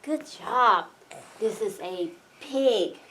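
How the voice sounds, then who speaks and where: Slow sing-song mother coaxing a toddler. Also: mid-range voice, lively intonation, very noisy. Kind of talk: playing with a toddler.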